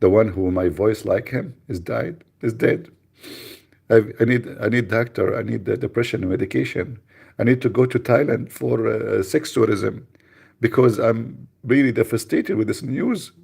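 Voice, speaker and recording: A man hosting a live radio show, chatting casually with mocking, rambling, deadpan asides. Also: on the low side, moderate pace, vocal fry, husky. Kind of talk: casual joking livestream chat.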